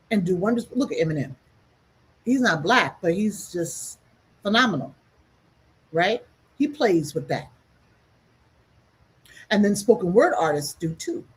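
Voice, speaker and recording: A woman's voice: mid-range voice, fairly bright tone, husky, low-quality recording. A woman giving an emphatic spiritual teaching, repeating key lines for weight.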